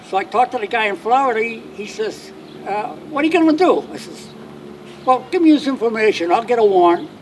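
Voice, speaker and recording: A man's voice: high voice, distant mic, slight background noise. An older man, a retired detective telling wry anecdotes to an audience and acting out the dialogue. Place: outdoor public dedication ceremony.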